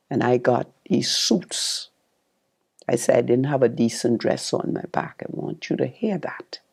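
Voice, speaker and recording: An older woman, a former politician, telling her life story with animated, repeating speech that leaps up high when she relives excitement. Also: vocal fry, husky. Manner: repeats and restarts phrases, addresses listeners directly.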